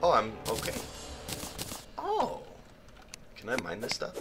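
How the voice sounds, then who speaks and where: A young man hosts a gaming video, talking slowly, then jumping into high shrieks when danger hits. His voice swings wildly from low mutters to squeals as he blurts silly exclamations. Loud game music plays underneath. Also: wildly swooping pitch. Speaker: gaming channel host. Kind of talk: let's play commentary.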